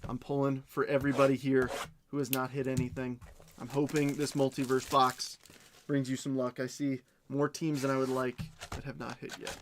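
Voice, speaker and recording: A man hosting a live card-breaking stream, reading off pulls quickly and chatting with his viewers. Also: mid-range voice, flat delivery, a little hiss or hum. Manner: rapid rundown of cards, chatting with viewers.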